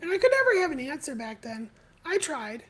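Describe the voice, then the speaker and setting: High-voiced woman telling her story. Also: very animated, bright, forceful tone, poor audio. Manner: candid, confessional, halting. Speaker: podcast host. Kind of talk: personal storytelling on a live stream.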